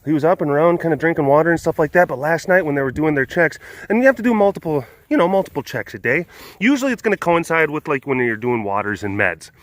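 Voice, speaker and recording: A man's voice: fairly high pitch, expressive, fast talker, no echo. A man who keeps big cats, chatting casually in a vlog outdoors in cold wind. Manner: chatty, rambling, laughing. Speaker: big cat sanctuary keeper.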